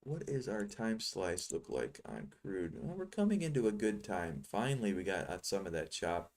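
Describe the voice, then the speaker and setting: A man's voice: lowish voice, very animated, normal speed, a little mellow. A middle-aged man giving rambling, teasing live commentary on his trading screen, thinking aloud as he goes. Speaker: futures trading software seller.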